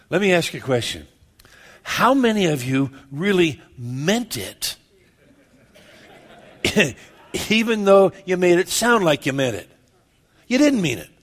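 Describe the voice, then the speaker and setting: A man delivering a sermon with a slightly high-pitched voice. He talks conversationally and keeps questioning and teasing his listeners. He uses a relaxed, personal preaching manner. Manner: conversational, asks the congregation questions, joking. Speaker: pastor.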